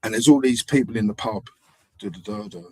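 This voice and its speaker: A man hosting a live stream, telling rambling, animated anecdotes in casual street slang. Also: lowish voice, fairly quick, no room sound. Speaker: livestream host. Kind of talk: casual livestream storytelling.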